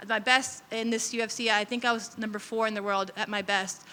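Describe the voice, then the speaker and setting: A woman's voice: medium pitch, steady tone, a little fast, pushed and bright, a little hiss or hum. A woman in her thirties, a professional fighter, talking candidly and emotionally in a post-fight press interview, rambling with restarts. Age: 30s. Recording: long reverb.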